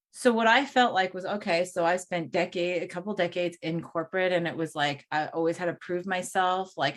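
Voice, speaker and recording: A middle-aged woman co-hosting a spiritual podcast, talking casually and musing aloud with many restarts. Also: on the low side. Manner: rambling, restarts thoughts, muses aloud. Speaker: podcast co-host and coach.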